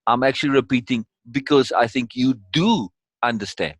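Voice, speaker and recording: A man's voice: medium pitch, normal speed, no echo. Man, teaching a course, emphatic, repeats key words, very dry sound. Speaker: teacher leading a course session. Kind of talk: conversational teaching.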